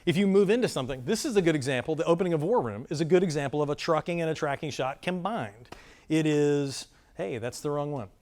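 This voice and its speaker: A man leading a live filmmaking workshop for an audience, talking in a rambling, self-deprecating, animated way. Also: fairly high pitch, fast talker. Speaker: workshop presenter. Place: conference room before a live audience.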